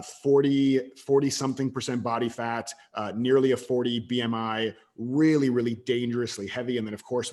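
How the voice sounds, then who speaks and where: A man in his thirties, a podcast guest telling a story from his past in an animated way, with quick bursts of louder talk and stammered restarts. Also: medium pitch. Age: 30s. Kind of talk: casual storytelling interview.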